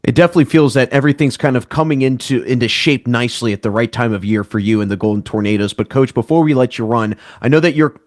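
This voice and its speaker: A man works as a sports interviewer, asking long, winding questions with the odd "uh". His voice has a middle pitch and is recorded dry and close. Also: fast, hardly any pauses, no room sound. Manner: long, wordy questions with some "uh".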